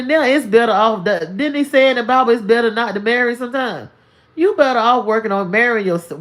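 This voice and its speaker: A woman on a livestream giving spiritual life advice in a casual, emphatic, preachy way, full of folksy asides. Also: mid-range voice. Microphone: single mic on a livestream.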